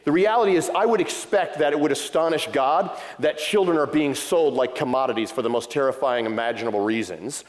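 A man's voice: mid-range voice, fairly quick, few pauses. A middle-aged man preaching a sermon, telling a story with passion and acting out what people said. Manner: impassioned storytelling, acting out quotes. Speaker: pastor. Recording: long hall reverb.

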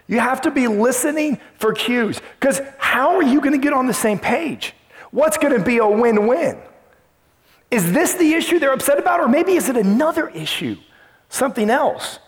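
A man preaching a sermon as pastor, emphatic, repeating key phrases and dropping to a soft voice to make a point. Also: very high-pitched, big pitch swings, moderate pace, big-room sound.

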